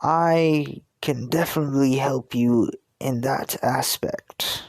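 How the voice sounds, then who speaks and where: A man voicing a mighty old pirate captain with a deep voice and a slight British accent, speaking as a calm mentor in slow, grand pronouncements. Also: gravelly, no echo. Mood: solemn.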